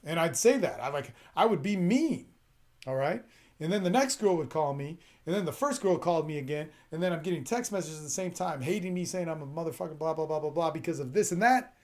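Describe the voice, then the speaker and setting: A male podcast host who rambles through relationship advice in a blunt, swearing, emphatic monologue. His voice sits a little higher than most men's, and he keeps pressing his points in a casual, unscripted way. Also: lively intonation, fairly quick.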